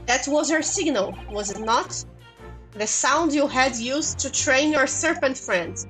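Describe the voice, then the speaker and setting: Woman putting on a pompous gentleman detective. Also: high-pitched, lively intonation, a little slow, faint music behind, poor audio. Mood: declaiming. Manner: grandiose, theatrical. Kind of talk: reading game dialogue aloud.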